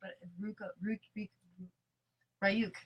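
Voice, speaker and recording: A woman's voice: mid-range voice, level tone, slow, breathy edge, muffled recording. A woman co-hosting a casual chat, giggly and chiming in with offhand remarks. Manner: giggly, chimes in, offhand swearing. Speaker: podcast co-host.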